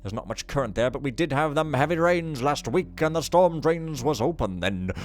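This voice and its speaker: A man's voice: a little high, animated, normal speed, slight background noise, natural voice. A man voicing a grumbling male maintenance foreman in a put-on accent, reading out a work log in a game.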